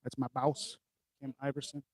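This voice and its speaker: A man's voice: mid-range voice, completely flat delivery, moderate pace, heavy background noise. A man reporting live on foot from an outdoor rally, chatting loosely to viewers and interviewing passersby, with casual swearing and frequent restarts. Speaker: street reporter livestreaming.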